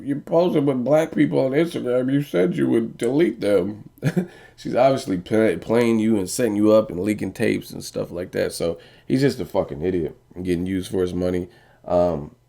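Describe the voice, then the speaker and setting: A man's voice: deep voice, warm tone. A man giving a blunt, profane opinion rant to camera, often asking "you know what I mean.". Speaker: boxing vlogger.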